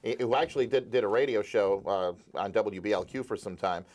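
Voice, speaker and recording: A man's voice: fairly low pitch, fairly quick, a little mellow. A man in his forties from Rhode Island, a radio station owner, telling his story eagerly in a casual interview with many restarts.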